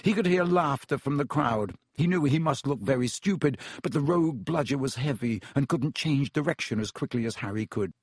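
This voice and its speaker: Husky-voiced male audiobook narrator. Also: mid-range voice, brisk, hardly any pauses, no echo, studio quality. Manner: steady storytelling, doing character voices. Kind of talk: scripted narration.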